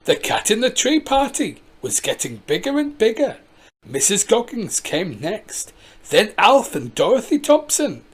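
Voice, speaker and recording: A reader narrating a children's story aloud in an expressive way. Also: mid-range voice, breathy edge.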